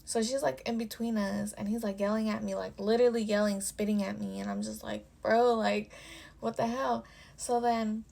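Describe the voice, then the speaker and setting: A woman's voice: mid-range voice, fairly even intonation, fairly quick, creaky, few pauses, warm tone. A young woman telling a personal story in a casual vlog, swearing and filling her speech with "like.". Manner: casual and profane, with constant "like" fillers. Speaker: storytime vlogger.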